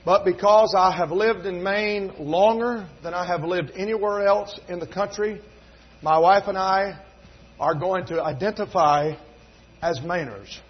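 High-voiced husky preacher. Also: male voice, a little slow. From North Carolina, USA. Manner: folksy storytelling preacher, building to emphatic fervor. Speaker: pastor. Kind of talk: sermon. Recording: dull lo-fi recording.

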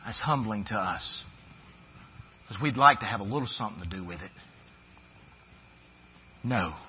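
A man's voice: fairly low pitch, expressive, normal speed, dull audio. A man preaching a sermon as pastor, building to fervent, emphatic repetitions.

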